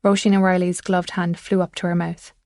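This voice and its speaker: A woman narrating a thriller audiobook in measured, scripted storytelling. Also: on the low side, flat delivery, a little mellow, dry recording, clean studio sound.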